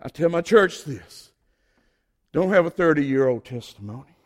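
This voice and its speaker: A Southern-accented man preaching with a notably high voice. His delivery is folksy and fervent. He drags out key phrases and lifts them to ringing peaks. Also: lively intonation, a little slow, pauses often. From Southern United States. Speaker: pastor. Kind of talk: sermon.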